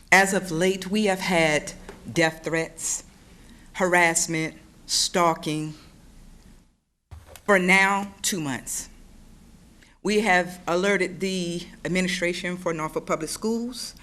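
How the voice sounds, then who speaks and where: Distraught mother, public comment, bright tense voice, near tears. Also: on the low side. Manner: emotional, pleading, voice near tears. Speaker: parent speaking at public comment. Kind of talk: public comment at a school board meeting. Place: school board meeting room.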